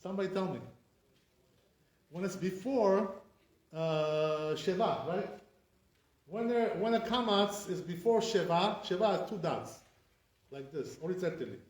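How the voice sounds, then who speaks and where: A man's voice: high-pitched, expressive, unhurried, long pauses. A man, a rabbi, teaching an informal class to students, explaining step by step, checking in with listeners and saying sounds aloud to demonstrate them. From Sephardi community. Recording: echoey room.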